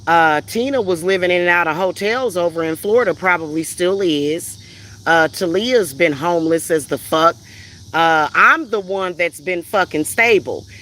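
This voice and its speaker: A woman's voice: lowish voice, moderate pace, bright, forceful tone. A woman hosting a livestream who answers her chat in a heated, profane and confrontational rant, reading out comments and firing back. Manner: reads out viewer comments and retorts. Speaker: spiritual reader hosting a livestream.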